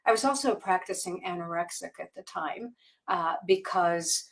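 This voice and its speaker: A woman guest on a podcast interview, telling a personal story candidly and haltingly, with many fillers and restarts. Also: on the low side. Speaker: guest author.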